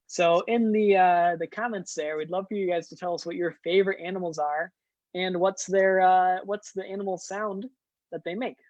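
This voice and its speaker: A man's voice: high voice, fairly even intonation, moderate pace, a little mellow, no room sound, muffled recording. Man leading a kids' scouting lesson, dry sound. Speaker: scout den leader hosting an online meeting. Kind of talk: instructional den meeting for young kids.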